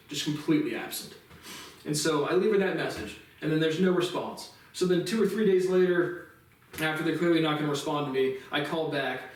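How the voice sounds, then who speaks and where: A man with a slightly raised pitch rants bitterly and profanely in a monologue. He sounds set back from the microphone in a heavily reverberant room, so his words ring and blur. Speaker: host of a personal legal series. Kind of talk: angry monologue to camera. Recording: very echoey room, far from mic.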